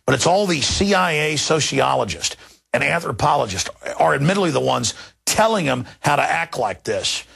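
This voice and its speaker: Speaking at a normal pace, a thirtysomething male talk radio host rants indignantly through his news commentary show, ridiculing the material and launching into exaggerated impressions. The voice runs on the high side and is animated, gravelly, husky, and fairly bright.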